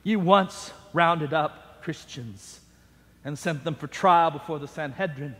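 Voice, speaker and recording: A man putting on a sly demonic inner voice that hisses accusations low and slow, hushed and insinuating, each word trailing into the long reverb of a big church hall. It drops well under his preaching pitch and goes soft and menacing. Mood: hushed menace.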